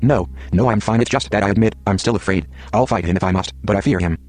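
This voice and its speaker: A man's voice: fairly low pitch, fast talker, a little mellow, soft background music, lightly acted. An actor playing an angry, paranoid young man who rants and swears. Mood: shaken. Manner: aggressive, swearing rant.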